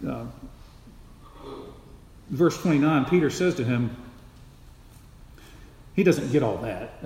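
A man's voice: a little high, a little mellow. A man preaching an expository sermon, emphatic and repeating key phrases for stress. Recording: echoey hall with long reverb.

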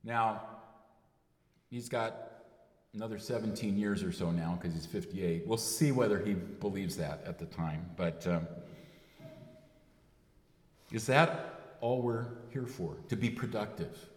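A man's voice: on the low side, unhurried, long pauses. A man delivers a sermon in a loose, rambling way, stopping to restart phrases and fill gaps with ums. His voice carries through a large reverberant hall. The sound is roomy, with a long tail after each phrase. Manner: rambling, self-correcting with frequent fillers. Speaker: preacher.

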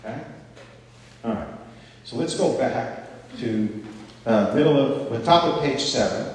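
A man's voice: medium pitch, animated, unhurried, a little hiss or hum. A man preaching a conversational sermon, often checking in with the audience by asking "okay?". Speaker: pastor. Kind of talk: sermon teaching. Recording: echoey hall from far off.

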